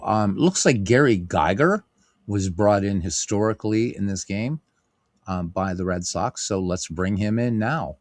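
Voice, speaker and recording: In a clean studio recording without echo, a middle-aged man with a fairly low voice streams a tabletop baseball game, calling each play. His talk is loose and filler-laden, and he reads viewer comments aloud and replies to them.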